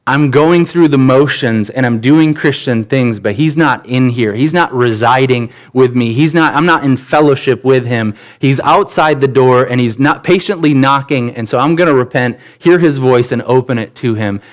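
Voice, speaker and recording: A male pastor delivering a sermon in an earnest, conversational way. His voice sits at an ordinary middle pitch. He circles back and repeats phrases to press each point home. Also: normal speed, few pauses.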